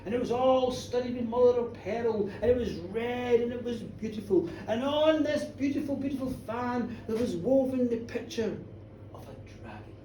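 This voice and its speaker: Woman doing a cocky lad bragging slow and dreamy, highish voice, live in a pub with a bit of room noise. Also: dark tone, close to an everyday voice. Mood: boastful. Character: boastful young Galway man, a smooth charmer. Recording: echoey live bar, from a distance.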